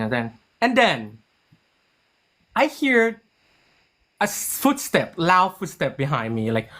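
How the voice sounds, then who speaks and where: A man, a series writer and producer, tells a story in a relaxed interview. His pitch rises and falls widely as he acts out the dialogue he quotes. His speech is loose and chatty, full of restarts and "like". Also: measured pace.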